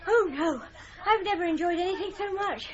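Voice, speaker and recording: An actress playing an excitable young British bride on a trek, talking in a bubbly way. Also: female voice, very high-pitched, a little fast, some chatter behind. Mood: excited. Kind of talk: radio drama acting. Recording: muffled radio recording with noise.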